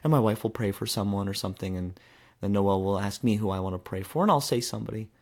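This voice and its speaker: A man's voice: on the low side, quick pace. A man in his thirties hosting a podcast, telling a story in a casual, rambling way with lots of fillers and restarts. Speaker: podcast host. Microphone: handheld microphone.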